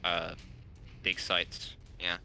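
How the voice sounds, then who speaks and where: Low, sharp-toned sardonic gamer man. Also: completely flat delivery, extremely slow, soft background music. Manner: blunt, sardonic, profane. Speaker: co-player. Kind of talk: casual gaming chat.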